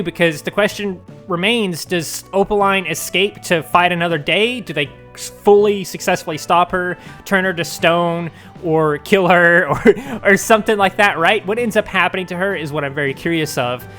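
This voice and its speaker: A man with a slightly higher voice talks through a casual fan commentary video. He rambles and speculates, padding his thoughts with ums and likes, over faint background music. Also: normal speed, a bit bright. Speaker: fandom news video host.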